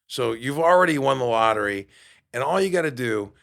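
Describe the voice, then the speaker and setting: Animated New man telling a story. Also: medium pitch, a little fast, gravelly. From New York. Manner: animated, acts out quoted dialogue. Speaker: podcast host. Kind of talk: storytelling monologue.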